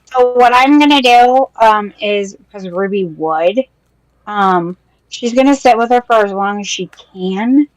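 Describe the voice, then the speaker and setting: A woman taking part as a player in a tabletop role-playing game. She talks in a hesitant, rambling way with many fillers, at a mid pitch, and her voice is close and dry with no room echo. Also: measured pace. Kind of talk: tabletop role-play in character.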